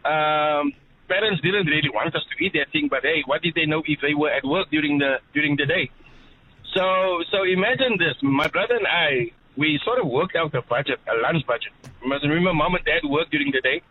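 A man's voice: a little high, brisk, a little hiss or hum. A man, calling in from his car and telling a story in a chatty, laughing way. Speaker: caller. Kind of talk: casual phone-in chat. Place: car while driving. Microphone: phone line. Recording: muffled phone line from a car.

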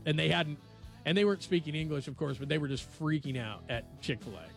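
A man hosting a sports radio show, chatting casually and telling stories with animated asides. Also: fairly high pitch, fast, creaky, faint music behind. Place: radio studio.

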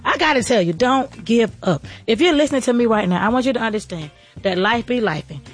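A middle-aged woman gives an excited, preachy motivational faith talk as a podcast host, repeating her phrases. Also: fairly high pitch, fast talker, slightly rough, soft background music. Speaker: podcast host and restaurant owner.

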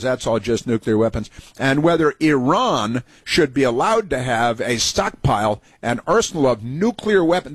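A man's voice: fairly high pitch, breathy edge, no room sound. A man hosting a political talk show, talking in a sarcastic, mocking way with many filler words. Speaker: talk radio host.

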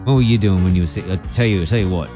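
A man hosting a radio show interview, upbeat and teasing, with quick asides. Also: deep voice, music in the background. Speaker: radio host. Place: radio studio.

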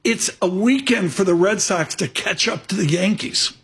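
A man hosting a morning radio show, teasing his guest and rambling through quick jokes. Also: high-pitched, fairly bright tone, husky. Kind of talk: joking morning radio banter.

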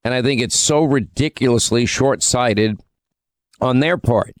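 A man's voice: medium pitch, measured pace, no echo. A man from New York co-hosting a radio talk show, chatting and giving opinions with lots of fillers into a studio mic. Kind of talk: talk radio banter and commentary.

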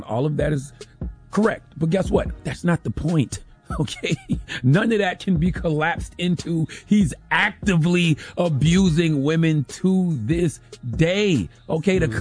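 A man's voice: medium pitch, darkish tone, breathy edge. A man giving an emphatic, sarcastic opinion commentary as a host, often tagging lines with "okay?".

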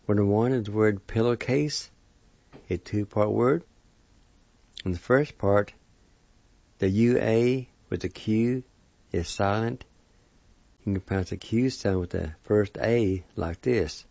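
A man speaks slowly, spelling out each word and repeating its pronunciation for learners. His voice sits low and mellow. The recording is dry and dull, with little high end. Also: creaky, dry recording. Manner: slow, careful, spells letter by letter and repeats words. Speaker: language teacher. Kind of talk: slow spelled-out vocabulary lesson.

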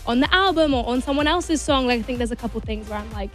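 A woman's voice: fairly high pitch, lively intonation, fast, a bit bright, soft background music. A young woman with an English accent, a singer chatting bubbly and casually in an interview, full of "like" fillers. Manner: bubbly, filler-heavy with many likes. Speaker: singer guest.

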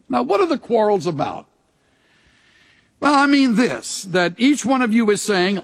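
An older man preaching a radio sermon, reading scripture slowly and hushed, then telling stories with lively swings. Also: high-pitched, gravelly. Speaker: pastor.

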